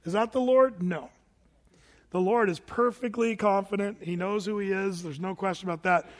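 A man's voice: sits high, normal speed, big-room sound. A man preaching a sermon as pastor in a conversational, folksy way, firing questions at the congregation. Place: church sanctuary.

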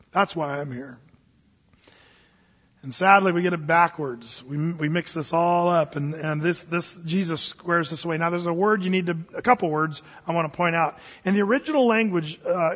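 Male pastor, husky high voice, relaxed sermon style, dull recording with church hall echo. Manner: conversational preaching, voices quoted people. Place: church sanctuary.

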